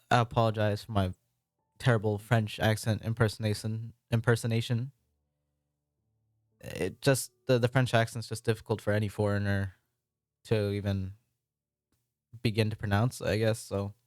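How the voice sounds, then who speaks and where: A man's voice: mid-range voice, unhurried, pauses often, no echo, clean studio sound, soft background music. Rambling self-deprecating American man. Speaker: Minecraft building let's-play creator. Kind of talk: casual narrated gameplay commentary.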